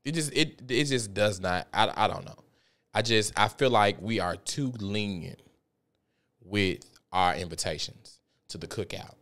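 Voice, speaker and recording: A young man from South Memphis with a Memphis Southern accent, hosting a podcast and telling stories in a loose, profane, animated way. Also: lowish voice, a little slow. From South Memphis, Tennessee. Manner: profane, animated storytelling with frequent laughs. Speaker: podcast host. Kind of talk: casual podcast monologue.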